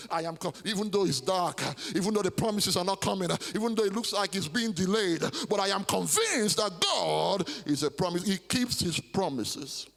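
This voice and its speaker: Pastor guy preaching, high voice, keeps repeating himself, long church reverb. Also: expressive, normal speed, creaky, hardly any pauses, fairly bright tone. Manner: preaching with emphatic repetition and stammered restarts. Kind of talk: sermon. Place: large church hall.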